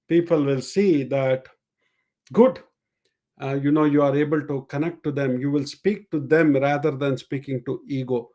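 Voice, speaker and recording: Guy with a fairly high voice teaching on a livestream, explains slow and repeats himself, shows examples. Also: warm tone. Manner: explanatory, repeats key points, demonstrates tones. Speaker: sales and communication coach. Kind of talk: live-streamed teaching session.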